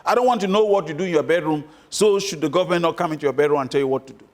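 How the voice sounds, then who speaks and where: Man, high-pitched, emphatic, repetitive stress, interview answers. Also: very fast. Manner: emphatic, repeats points for stress. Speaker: interview guest, former candidate.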